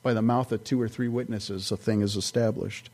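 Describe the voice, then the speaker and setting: A man's voice: on the low side, fairly even intonation, brisk, darkish tone. A man preaching a conversational sermon, telling everyday stories in a folksy, rambling way with many restarts. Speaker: pastor.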